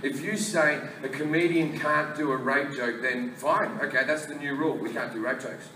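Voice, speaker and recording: A man's voice: medium pitch, fairly even intonation, moderate pace, bright, forceful tone, slight background noise. A man doing a crude, brash stand-up routine, swearing a lot and acting out voices on a comedy stage. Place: comedy venue with a laughing audience. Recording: echoey live club recording from a distance.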